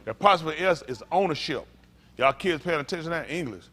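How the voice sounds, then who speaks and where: A man's voice: on the high side, animated, fast, a bit bright. A man preaching as a pastor in a blunt, profane, rambling informal sermon.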